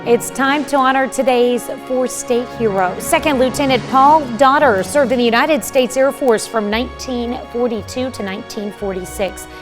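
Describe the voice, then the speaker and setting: A woman morning news anchor reading scripted stories in a crisp, friendly manner. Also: fairly high pitch, moderate pace, few pauses, over music.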